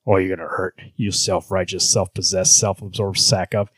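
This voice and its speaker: A man voicing a gruff, taunting male superhero in a low, slow put-on voice while reading comic dialogue aloud. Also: fairly even intonation, a bit bright, dry recording. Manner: low slow growl, mocking read.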